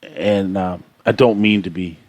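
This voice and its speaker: A man with a fairly low voice vents on his own radio show, repeating himself. He sounds outraged and impassioned. The recording is close and dry. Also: unhurried, a little mellow, dry recording. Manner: impassioned, aggravated, repetitive. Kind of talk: ranting monologue.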